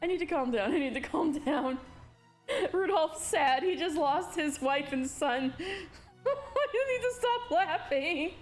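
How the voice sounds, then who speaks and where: High, lively woman streamer over game music. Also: unhurried. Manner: animated, profane casual commentary. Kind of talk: live game playthrough, reading text aloud and reacting.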